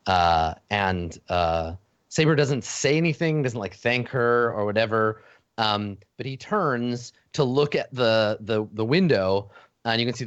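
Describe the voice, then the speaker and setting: Low-voiced man narrating as game master. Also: clear, resonant tone, dry recording. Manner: halting, many fillers and restarts. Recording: dull lo-fi dry audio.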